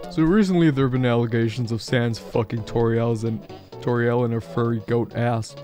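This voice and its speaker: A young man commentates his game stream in a loose, joking way, swearing freely and slipping into playful voices when he reads the characters' lines. Soft music plays quietly behind his voice. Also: medium pitch, steady tone, moderate pace.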